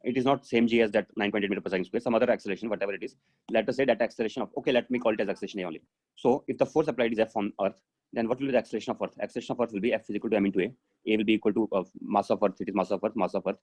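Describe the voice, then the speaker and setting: A man's voice: on the low side, steady tone, rapid-fire, a little mellow, breathy edge. A man teaching physics in a live online class over a video call, explaining step by step and thinking aloud with many fillers.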